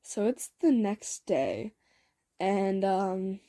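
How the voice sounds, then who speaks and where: A young woman narrating a fan-made story in a casual, rambling way, full of fillers and asides and quick giggles. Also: medium pitch, expressive, mellow, no echo. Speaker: fan audio story creator.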